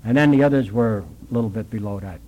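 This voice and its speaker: A man's voice: on the low side, fast, narrow, tinny audio. An older man telling his sobriety story in a plainspoken, working-class way, acting out the dialogue. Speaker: recovering alcoholic sharing his story. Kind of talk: storytelling at a recovery meeting.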